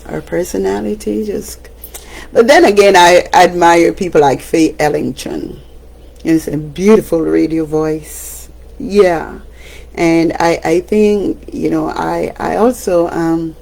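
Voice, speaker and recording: A Jamaican woman speaks slowly in a casual livestream monologue, chatty and quick to laugh. Her voice has a gravelly, creaky edge, and she talks like the radio broadcaster she is. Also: lowish voice, darkish tone. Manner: chatty, laughs often, breaks into song.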